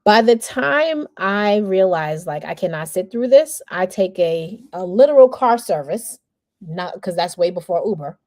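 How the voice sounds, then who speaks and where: A woman's voice: medium pitch, lively intonation, measured pace, darkish tone, no echo, studio quality. A woman in her forties, a communications coach, teaching a masterclass and telling a candid personal story while acting out the people she quotes. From New York area.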